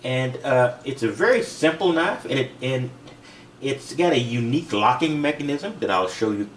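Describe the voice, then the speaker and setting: A man casually showing a pocket knife in a vlog, talking in a rambling, halting way with many fillers. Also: mid-range voice, lively intonation, slight background noise. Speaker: knife reviewer. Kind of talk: casual product demo vlog. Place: van.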